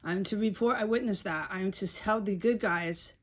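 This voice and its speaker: A woman's voice: mid-range voice, normal speed, hardly any pauses. A woman giving a rambling, frustrated video monologue, repeating herself and swearing often. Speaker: video blogger.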